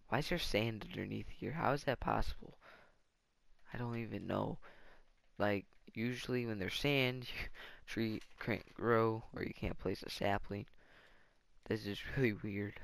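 Guy rambling thru a lets play, kinda low and gravelly, dry sound. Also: fairly even intonation, a little slow, no room sound. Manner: rambling, thinks aloud while playing. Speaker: gaming channel host. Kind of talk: casual let's-play commentary.

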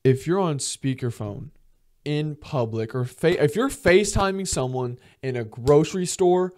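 A young man hosting a podcast, ranting comedically with lots of swearing and quick acted-out mock dialogues. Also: a little high, expressive, a little mellow. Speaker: podcast host. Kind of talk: comedic solo rant.

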